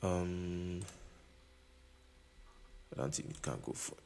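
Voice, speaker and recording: Deep, slow, gravelly and mellow, this man's voice comes with a little hiss or hum. He teaches music production casually at a keyboard, repeating points and making sure the listener gets it, in a long-reverb room with keyboard music behind him.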